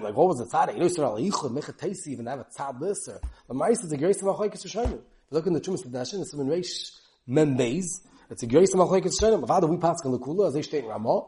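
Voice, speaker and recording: Rapid-fire teacher, man. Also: fairly high pitch, a little mellow. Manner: rapid, mixing English with Hebrew and Yiddish terms. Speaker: Talmud teacher. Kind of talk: yeshiva-style Talmud class.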